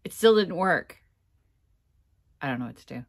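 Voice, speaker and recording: A woman vlogging casually to camera about a furniture project, halting and sighing, on the verge of tears. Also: low voice, expressive. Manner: halting, sighing, laughing through frustration. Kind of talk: casual vlog talking to camera.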